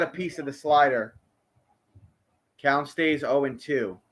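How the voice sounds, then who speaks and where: A man's voice: mid-range voice, slow, a bit bright. A man calling a baseball game as a fan, talking to the players and bursting out on big plays. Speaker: fan doing his own play-by-play. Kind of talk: amateur live play-by-play commentary.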